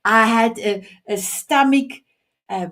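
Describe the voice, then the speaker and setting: A woman's voice: fairly high pitch, slow, fairly bright tone. A woman hosting a live online talk show, effusive and rambling, just recovering from food poisoning. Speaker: show host.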